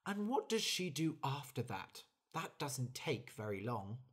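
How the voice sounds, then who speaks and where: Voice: medium pitch, big pitch swings, measured pace, husky. A storyteller voicing a nosy female bird who keeps asking probing questions. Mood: curious.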